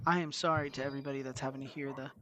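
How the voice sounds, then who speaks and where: A man's voice: mid-range voice, racing, slight background noise. A man giving live, self-deprecating commentary to his viewers while streaming a video game. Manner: expressive, self-deprecating, talks to chat. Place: home room, indoors.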